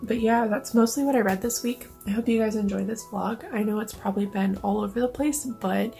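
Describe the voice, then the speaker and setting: A woman's voice: mid-range voice, a little fast, creaky, mellow, faint music behind. A woman vlogger talking casually and emotionally, close to tears, with many fillers. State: near tears. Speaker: book vlogger. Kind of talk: casual vlog talk.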